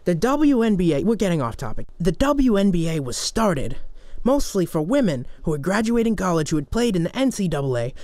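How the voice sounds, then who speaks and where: A man's voice: high voice, very animated, a little fast, a little mellow, no room sound. A man playing a paranoid, self-assured conspiracy talk-radio host who rambles and stammers, in a comedic parody. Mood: blustering.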